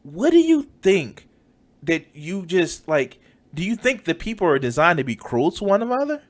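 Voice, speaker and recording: A man's voice: fairly high pitch, big pitch swings, moderate pace. A man giving profane, exasperated reaction commentary on a video, mocking its creator. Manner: mocking, exasperated, swears often. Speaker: reaction streamer.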